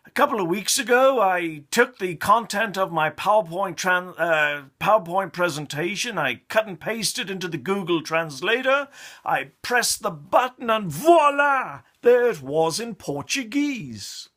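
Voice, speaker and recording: A man voicing an excitable, tipsy engineer in his fifties who boasts with breathless enthusiasm. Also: unhurried, full character voice. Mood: boastful. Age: 50s. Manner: gushing, breathless enthusiasm, pitched high.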